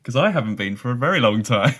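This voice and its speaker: A man's voice: mid-range voice, expressive, fairly quick, bright, forceful tone. Guy hosting a podcast, chatty, voice bounces around a lot. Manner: chatty, laughs often. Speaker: podcast host. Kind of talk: casual chat.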